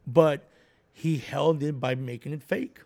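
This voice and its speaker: A man's voice: a little high, steady tone, measured pace, creaky, darkish tone. A man co-hosting a casual chat, animatedly retelling a story and acting out the voices in it. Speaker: podcast co-host.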